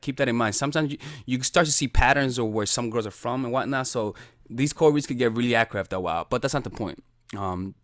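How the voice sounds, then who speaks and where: A man giving a casual spoken lesson as a dating coach, talking in a loose, animated way with frequent restarts and swearing. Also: mid-range voice, no room sound, clean studio sound.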